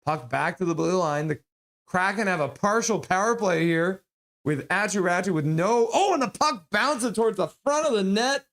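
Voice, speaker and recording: A stream host calling hockey play-by-play live in an excitable manner, reading chat between quick calls. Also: mid-range voice.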